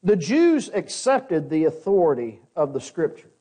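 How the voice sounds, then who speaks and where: A man with a notably high voice delivers a sermon. He works through scripture passage by passage and reads the verses aloud in an earnest, explanatory way. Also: sing-song, unhurried, mellow. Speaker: preacher.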